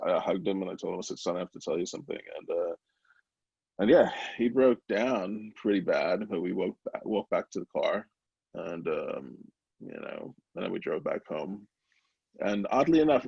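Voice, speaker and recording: A man with a low, gravelly voice tells his story openly in an interview, full of ums and restarts. The sound is dry and somewhat muffled, like a remote call. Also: a little mellow, no echo. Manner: emotional, open storytelling with many fillers. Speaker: brownie company founder, guest. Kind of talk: candid interview talk.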